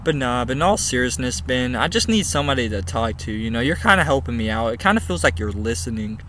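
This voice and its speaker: A young man vlogging in a goofy, comedic style, swinging between mock-serious mumbles and loud outbursts. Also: mid-range voice, expressive, quick pace, a little hiss or hum. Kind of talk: comedic casual vlog. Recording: background music.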